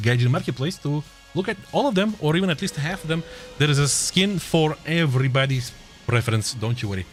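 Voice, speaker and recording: A man with a Russian accent giving casual, joking live esports commentary and chatting with viewers, laughing often. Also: a little high. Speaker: esports caster.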